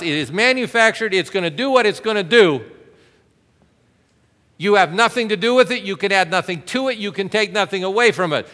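A man's voice: on the high side, sharp tone. A male pastor preaching a sermon with emphasis, asking the congregation questions and drawing them in. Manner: emphatic preaching with rhetorical questions and audience interaction. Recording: reverberant hall.

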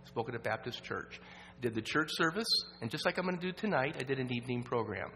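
A man tells a personal story as a sermon to a church audience. He speaks earnestly, trips over words and restarts, and drops his voice low at the heavy parts. The sound carries a long hall reverb over a faint steady hum. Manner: earnest, halting with restarts, drops to a hush at sad moments. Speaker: guest speaker at a church evening program.

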